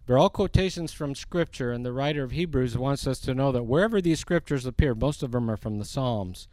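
A man's voice: medium pitch, lively intonation, a little mellow, no echo. A man teaching a sermon verse by verse, reading scripture aloud and rising in force on the quoted lines. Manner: slow, deliberate, rising for emphasis on quoted scripture. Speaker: preacher.

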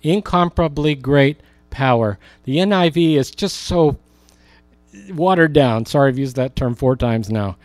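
A man preaching a sermon as a pastor, rising for emphasis and slowing down on key words. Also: mid-range voice, dry recording.

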